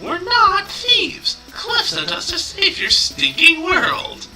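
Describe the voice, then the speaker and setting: A man doing a loud, fiery teen heroine. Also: extremely high pitch, takes it slowly, vocal fry, distant mic, faint music behind, voice pushed up, full character voice, rough recording. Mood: indignant. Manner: loud, emphatic, excitable.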